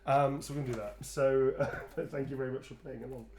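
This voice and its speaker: A man's voice: mid-range voice, fairly even intonation, a little fast, darkish tone. A tired man chatting casually on a livestream, rambling and playful, calling viewers darlings as he draws. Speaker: actor drawing requested sketches for viewers.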